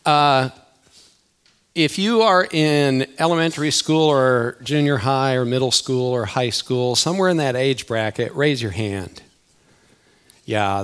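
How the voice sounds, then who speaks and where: A man's voice: mid-range voice, a bit bright. An older man, a church elder and grandfather, playfully talking to a church crowd and calling up kids for a game before his sermon. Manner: playful, chatty, addresses the crowd directly. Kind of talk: sermon opener with audience interaction. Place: church auditorium.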